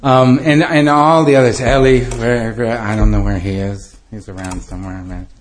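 A man speaking as a guest who thanks his hosts, halting with many ums. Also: mid-range voice, steady tone. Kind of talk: speech of thanks.

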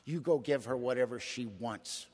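A man putting on a gruff older Irish priest, deep brogue, no-nonsense scolding, long hall echo. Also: normal speed, darkish tone, natural voice.

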